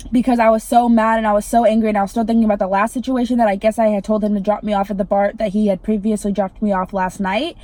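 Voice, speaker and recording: A woman's voice: medium pitch, steady tone, quick pace, warm tone, no room sound. A young woman, telling an irritated storytime rant to her vlog viewers, swearing and saying "like" a lot. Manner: irritated, swearing, heavy use of "like". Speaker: vlogger.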